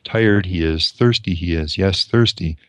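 A man's voice: low-pitched, measured pace, no echo. A man voicing a wheedling, bitter old creature who hisses and whines. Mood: resentful. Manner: hissing, whining.

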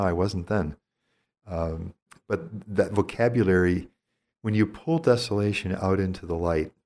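A middle-aged man, a priest, giving a calm, reflective spiritual talk and reading passages from his own journal. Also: deep voice.

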